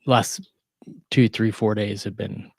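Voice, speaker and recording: A hoarse man with a gruff, deep voice co-hosting a casual live-stream chat, rambling with plenty of fillers. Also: steady tone, slow, darkish tone, slight background noise. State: hoarse from bronchitis. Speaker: co-host.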